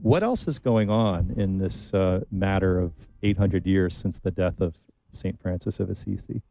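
A man with a low voice hosts a casual talk show, easing into his questions with plenty of ums and uhs. Soft music plays faintly underneath him. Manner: relaxed, hesitant with many fillers. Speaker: host.

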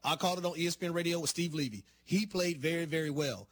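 A man co-hosting a sports radio show, giving football analysis in a measured, emphatic way. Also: on the high side, a bit bright, a little hiss or hum.

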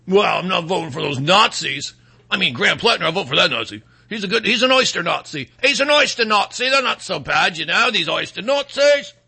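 A man's voice: high voice, very animated, fairly quick, vocal fry, bright, forceful tone, husky, exaggerated voice. A man putting on the voice of a smug voter, sarcastic and rambling with stops and restarts.

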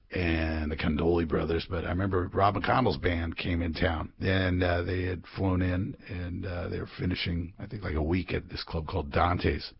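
A man's voice: low voice, gravelly, husky. A man hosting a jazz radio show, chatting casually with rambling anecdotes and lots of filler words. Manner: relaxed, rambling, frequent uh fillers. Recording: dull lo-fi radio broadcast.

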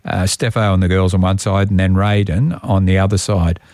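A man's voice: low-pitched, fairly even intonation, brisk, darkish tone, no room sound. A man hosting breakfast radio in casual chat, laughing easily and restarting his sentences.

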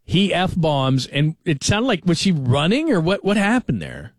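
A middle-aged man hosting late-night sports talk radio, lively and chatty as he moves from topic to topic. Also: a little high, a little hiss or hum. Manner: lively, chatty, fast-moving delivery. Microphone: studio microphone.

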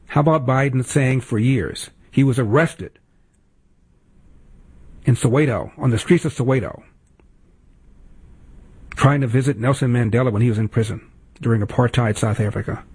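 A man's voice: medium pitch, moderate pace, long pauses, darkish tone, husky, no echo. A male radio talk host giving sarcastic, indignant political commentary and reading ads, with emphatic repetition.

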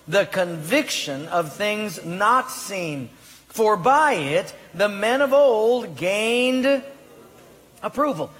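A man preaching from a church sanctuary, his voice sitting notably high for a man. Long reverb trails after his phrases. He presses up on key words, then sinks to a quiet hush. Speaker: pastor. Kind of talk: sermon. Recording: long reverb of a large hall.

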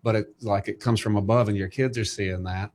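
A man's voice: fairly low pitch, steady tone, a little fast, a little mellow, slight background noise. A man hosting a casual chat, reflecting earnestly on faith and family. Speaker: host.

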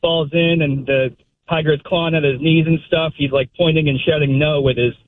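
A man's voice: fairly high pitch, fairly even intonation, normal speed. A man calling in to a radio show, speaking hesitantly and qualifying what he says. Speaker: caller. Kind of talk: call-in comment. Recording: phone line.

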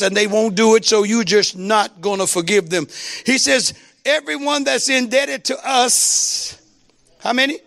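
A male pastor preaching a sermon, calling out to the congregation for responses and shouting exclamations. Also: high-pitched, creaky.

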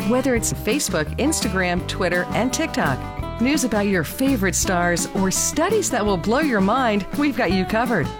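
Lively woman reading a podcast promo. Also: medium pitch, normal speed, music in the background. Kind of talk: upbeat promo read.

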